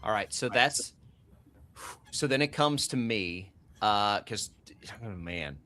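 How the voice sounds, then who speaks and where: A man hosting a sports radio show with a bright, forceful tone and a lively, swinging delivery. He runs the segment briskly and hands off to each panelist in turn. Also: lowish voice. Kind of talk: casual radio sports chat.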